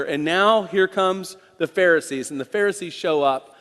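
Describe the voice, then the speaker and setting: Male preacher with a high voice, animated sermon storytelling, reverberant sanctuary. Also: normal speed, few pauses. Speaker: pastor. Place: church sanctuary.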